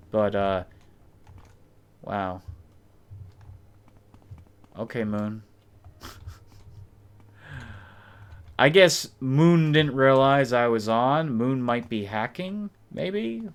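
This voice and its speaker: A man streaming an online game, rambling in low-key, chatty asides as he plays. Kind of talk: casual rambling gameplay commentary.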